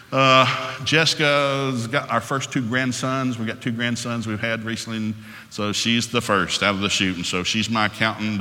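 A middle-aged preacher with a bright, forceful voice tells family stories in a folksy way. He acts out the dialogue between the people in his stories. His voice carries a long reverb from a large hall. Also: on the low side. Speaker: pastor. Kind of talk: sermon with storytelling.

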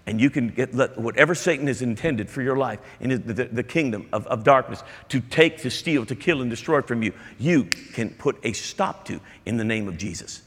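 A male pastor speaks at normal speed with few pauses, his medium-pitched voice a bit bright and lively in intonation. He preaches emphatically, chatting and making asides to the congregation; the recording has long hall reverb plus a little hiss or hum.

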